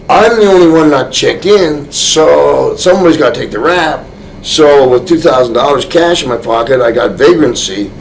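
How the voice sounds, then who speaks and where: A man as an interview guest, telling a rambling anecdote full of restarts, often chuckling and getting animated. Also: mid-range voice, a little hiss or hum, rough recording.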